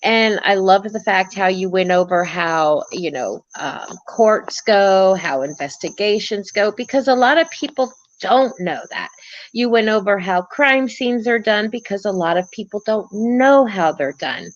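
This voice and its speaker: A woman's voice: mid-range voice, lively intonation, a little slow, highs cut off. A woman guest on a casual livestream, speaking in effusive, encouraging praise. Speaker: guest and channel moderator.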